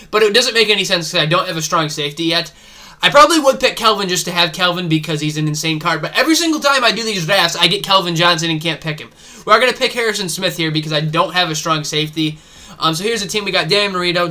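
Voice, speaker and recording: A man's voice: a little high, sharp tone. A young man giving casual, rambling commentary over his own football video game, thinking aloud with fillers as he drafts and plays. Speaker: gaming YouTuber.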